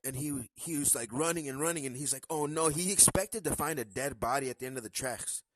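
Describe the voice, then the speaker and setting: A man hosting a live stream, telling a story in a casual, animated way and acting out the characters' lines. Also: mid-range voice, fairly quick, no echo, poor audio.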